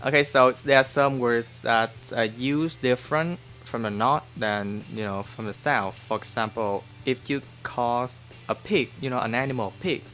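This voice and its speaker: A man's voice: medium pitch, moderate pace, few pauses, a bit bright, slight background noise. A man from Vietnam with a Vietnamese accent, speaking English as a language teacher answering viewer questions in a chatty, informal way, often checking in with the viewer. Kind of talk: casual Q&A lesson to camera.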